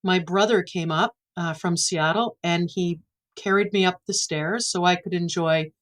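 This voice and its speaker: Low-voiced woman telling a personal story. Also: a little slow, rough recording. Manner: vivid, emotional retelling. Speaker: guest.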